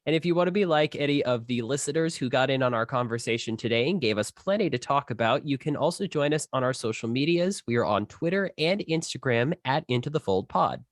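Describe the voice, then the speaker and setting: A man's voice: medium pitch, brisk, few pauses, dry recording, clean studio sound. A man co-hosting a podcast over a video call, joking and bantering. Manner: joking, animated. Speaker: podcast co-host. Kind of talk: casual podcast chat.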